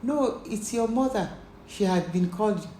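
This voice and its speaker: A woman's voice: medium pitch, expressive, normal speed, mellow, echoey room, a little hiss or hum, lightly acted. A woman voicing a worried young woman urging her friend. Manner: anxious, urgent.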